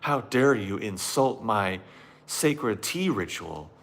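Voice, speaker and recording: A man's voice: fairly low pitch, animated, full character voice. A man mocking a precious, indignant spiritual seeker. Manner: slow, affronted, mock-solemn. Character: self-absorbed man, precious and indignant about spiritual rituals.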